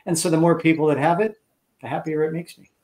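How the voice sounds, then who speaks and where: A middle-aged man, a podcast guest and author, chatting casually and telling stories with lively acted-out quotes. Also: a little high, fast. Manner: animated storyteller acting out quoted voices. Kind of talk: casual chat.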